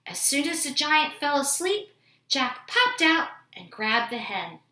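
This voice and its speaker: A woman reading a children's storybook aloud at home, expressive and animated. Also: high voice, a little slow, roomy sound. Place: home room with dogs.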